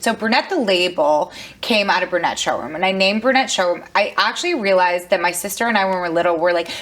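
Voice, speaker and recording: A woman's voice: lowish voice, animated, fast, fairly bright tone. A young adult woman, a fashion brand founder, chatting casually in an interview and filling her talk with "like". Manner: chatty, peppered with "like".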